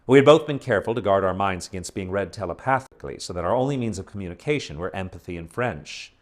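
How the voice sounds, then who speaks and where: A man reads a story aloud in a fairly low voice that rises and falls dramatically. His delivery is expressive and theatrical. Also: quick pace. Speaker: narrator. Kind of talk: dramatic audiobook reading.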